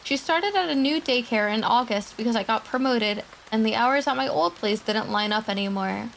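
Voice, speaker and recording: Woman, streamer, gravelly fry, higher voice, reading scary stories to chat, casual asides. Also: moderate pace, fairly bright tone, a little hiss or hum, low-quality recording. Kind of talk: reading horror stories aloud to a live chat.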